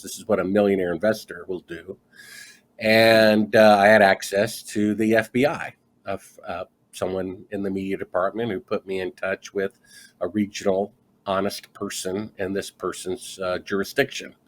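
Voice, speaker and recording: A middle-aged man with a fairly low voice talks as a guest in a conversational interview. He tells his story with energy, acts out what people said and slips into a livelier delivery as he goes. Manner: animated storyteller acting out quoted dialogue. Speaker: guest author.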